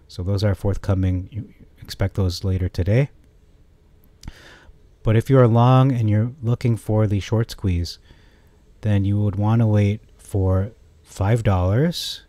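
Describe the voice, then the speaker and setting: Guy doing an offhand stock chart rundown, mellow low voice, keeps restarting sentences, gets worked up, dry mic. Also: no echo. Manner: rambling, self-correcting, gets excited. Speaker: stock market commentator. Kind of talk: casual chart analysis monologue.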